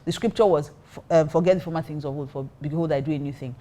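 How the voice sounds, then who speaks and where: A Nigerian woman pastor and co-host tells a personal story in casual talk, acting out her own reactions. Her voice is low-pitched, mellow and steady in tone, and she speaks fast.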